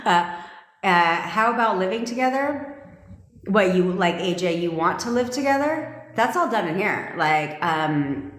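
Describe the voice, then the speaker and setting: A woman's voice: mid-range voice, lively intonation, takes it slowly, a bit bright. A woman manifestation coach on a live stream, talking bluntly and intensely with lots of swearing, repeating her points and answering viewer comments. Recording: echoey room with long reverb.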